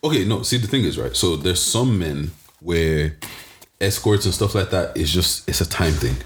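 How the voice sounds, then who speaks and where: A man's voice: deep voice, normal speed, a little hiss or hum. A young man co-hosting a casual podcast chat, laid-back and rambling, with lots of restarts and slang. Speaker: podcast co-host.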